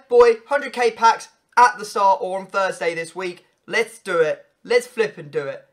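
A young man commentating his own football video game matches, excitable and swinging from frustrated groans to loud cheering. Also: high-pitched, a little slow. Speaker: gaming YouTuber. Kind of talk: live gameplay commentary.

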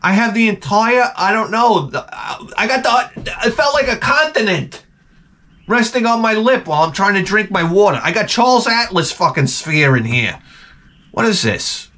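A man's voice: sits high, lively intonation, moderate pace, bright, forceful tone. A man hosting his channel, rambling casually and comically, with frequent profanity. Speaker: channel host.

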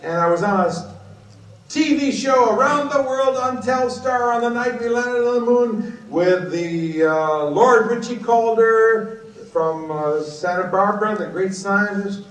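High-voiced man telling stories in an echoey hall. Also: measured pace, distant mic. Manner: animated, swings from low asides to loud shouted outbursts; blunt and profane. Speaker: guest speaker at a book conference. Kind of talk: storytelling speech to an audience. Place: conference hall. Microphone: PA system taped from the audience on a cassette recorder. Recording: echoey hall, taped from the audience on cassette.

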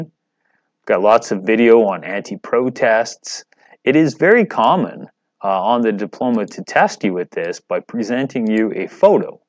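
A male teacher lectures over slides in a loose, conversational way and keeps asking the class questions. His voice sits low. The sound is muffled and dull, and dry, with no room echo.

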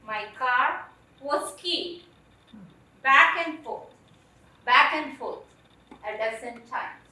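A woman telling a personal story on stage in an earnest, emotional way, with deliberate phrasing, picked up from a distance. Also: sits high, lively intonation, pushed and bright. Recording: echoey stage from far off.

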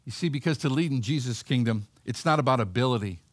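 A man's voice: medium pitch, animated, quick pace, dry recording, clean studio sound. A male pastor giving a sermon in a conversational way, acting out the voices of the people in a Bible story.

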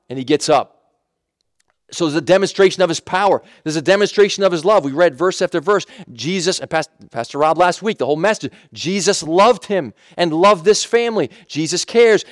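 A man's voice: high voice, dry recording, studio quality. A man preaching a sermon in a conversational way, with emphatic repetition and frequent self-corrections. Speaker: pastor.

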